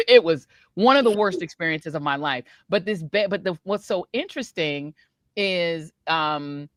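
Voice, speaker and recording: A middle-aged woman tells a story on her podcast in a casual, animated way, often laughing and slipping into other people's voices. Her pitch swings widely and her tone is bright. The recording is dry and close. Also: no room sound. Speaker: podcast host.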